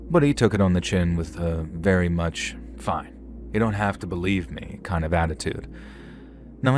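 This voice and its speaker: A young man narrating a first-person horror story in a measured, conversational way with casual slang. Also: low voice, a little mellow, slight background noise. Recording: faint music underneath.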